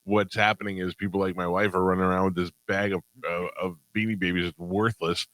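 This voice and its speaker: A man with a very low voice hosts a radio show, spinning a funny story in an easy, amused way. The studio sound is close and dry. He laughs easily as he goes. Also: flat delivery, fairly quick, a bit bright, no echo, low-quality recording. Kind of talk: casual radio chat.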